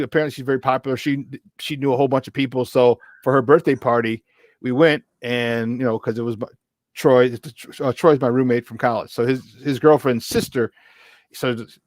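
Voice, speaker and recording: A man co-hosting a sports talk show, telling a long story in a casual, animated way and jumping into the voices of the people he quotes. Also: mid-range voice, fast talker, no echo. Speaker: co-host. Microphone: remote mic, virtual studio.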